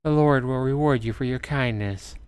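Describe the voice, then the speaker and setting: A man voicing a frightened young mother who pleads softly and tearfully for her child. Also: medium pitch, moderate pace, smooth, voice pushed up, natural voice. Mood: pleading.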